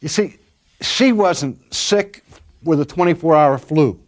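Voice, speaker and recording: A man's voice: on the high side, takes it slowly. An older man, a pastor delivering a sermon and telling stories earnestly, stretching out key words for emphasis.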